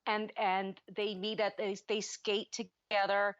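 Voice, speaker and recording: A woman's voice: mid-range voice, level tone, unhurried, dry recording. Chatty woman co-host, lo-fi sound. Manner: chatty, rambling, frequent self-corrections. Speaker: podcast co-host. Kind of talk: casual movie chat.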